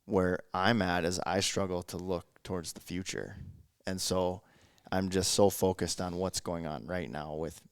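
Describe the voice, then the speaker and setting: A man's voice: low voice, steady tone, a little slow, few pauses, clean tone, no room sound, studio quality. A man hosting a podcast in casual chat, thinking aloud and rambling. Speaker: podcast host.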